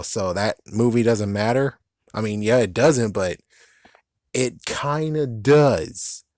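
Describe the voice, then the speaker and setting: A man's voice: medium pitch, no room sound, clean studio sound. A man who vlogs, complaining in a casual, rambling commentary and often cutting himself off in exasperation. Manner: exasperated, rambling, self-interrupting. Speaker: vlogger.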